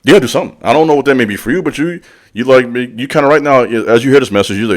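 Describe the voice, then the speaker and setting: Rapid-fire and expressive, a mid-range male voice drives a preachy motivational monologue. The speaker, a channel host and spiritual leader, is blunt and slangy, speaking straight at the listener and repeating lines for emphasis.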